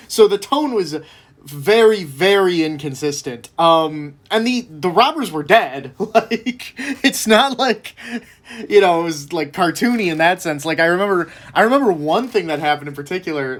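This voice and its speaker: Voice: mid-range voice, expressive, normal speed. A vlogger chatting casually, rambling with lots of fillers and laughing at their own stories. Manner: heavy fillers like "like" and "um". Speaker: video creator. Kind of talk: casual chat.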